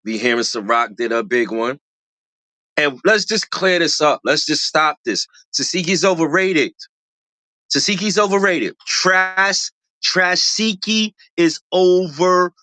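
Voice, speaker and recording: Animated, slangy reality show commentator. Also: a little slow, no room sound. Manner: animated, repeats phrases for emphasis, slangy; voice jumps high when excited. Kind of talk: casual commentary.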